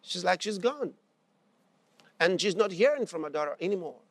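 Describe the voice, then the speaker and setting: A man delivers a sermon in a high voice with a gravelly edge. He tells a story and acts out its characters' lines, driving points home by repeating them. The sound is close and dry. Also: animated, moderate pace, no echo. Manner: repeats phrases for emphasis. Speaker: preacher.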